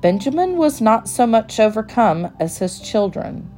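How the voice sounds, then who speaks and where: A woman reading a children's storybook aloud in a gentle, unhurried manner. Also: a little high, very animated, soft background music.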